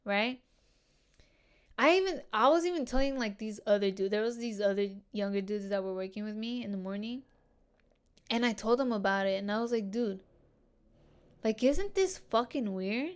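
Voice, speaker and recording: A woman's voice: mid-range voice, expressive, moderate pace, pauses often, clear, resonant tone. A young woman hosting a podcast, telling a story casually and bluntly, with lots of swearing and filler words. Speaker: podcast host.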